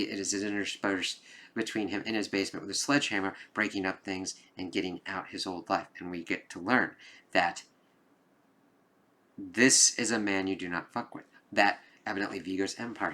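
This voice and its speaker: A man's voice: low voice, steady tone, moderate pace, sharp tone. A man giving a casual spoken film review, rambling with lots of "like"s and frequent swearing.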